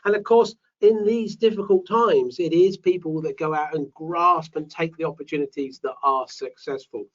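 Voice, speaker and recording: Slightly high and moderately paced, a British man hosts a live property webinar online, chatting and calling out the names of viewers. His audio comes through a distant, dull mic.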